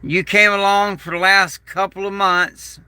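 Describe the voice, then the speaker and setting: A man's voice: high voice, flat delivery, measured pace, sharp tone, smooth, dry recording. A man vlogging a rambling personal monologue, aggrieved and bitter, repeating himself as he talks. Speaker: prepper vlogger.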